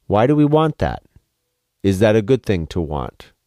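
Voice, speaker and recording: A man's voice: on the low side, very animated, moderate pace, mellow, no room sound, clean studio sound. A man co-hosting a podcast, probing the meaning of a worship song with questions and thinking aloud. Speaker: podcast co-host. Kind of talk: conversational theological discussion.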